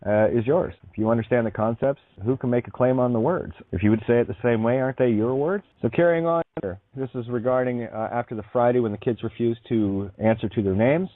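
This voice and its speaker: An online speaker with a medium-pitched voice rambles through a long story, full of fillers and restarts, talking briskly with few pauses. The recording is dry and tinny, like a phone.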